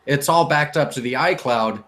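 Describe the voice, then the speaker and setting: A man's voice: mid-range voice, moderate pace, a bit bright. A man hosting a casual podcast discussion, arguing heatedly and emphatically. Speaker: podcast host.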